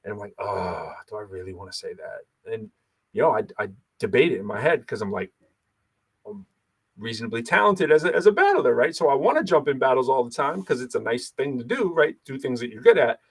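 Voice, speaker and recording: Animated man chatting with lots of fillers. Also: medium pitch, fairly quick, breathy edge. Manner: animated, laughs often, many fillers. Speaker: podcast host and battle rapper. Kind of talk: casual chat.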